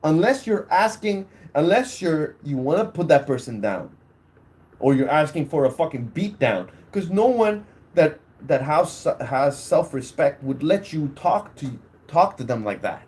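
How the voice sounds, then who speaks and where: A man's voice: fairly high pitch, big pitch swings, measured pace, a little mellow. A young man hosting a podcast on his own, talking casually and crudely in a rambling way and laughing at his own stories. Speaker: podcast host. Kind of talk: casual solo podcast talk.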